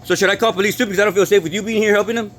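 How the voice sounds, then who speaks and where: Agitated fast-talking man. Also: high voice, fairly even intonation, a bit bright, slight background noise. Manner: agitated, repetitive, argumentative. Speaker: store employee. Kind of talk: filming a workplace confrontation. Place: inside a retail store.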